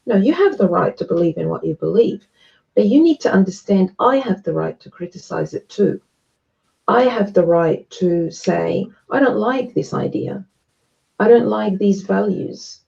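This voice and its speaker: A woman speaking earnestly and at a measured pace in an online discussion, often restarting her sentences. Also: on the low side, creaky, warm tone, muffled recording. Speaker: guest speaker.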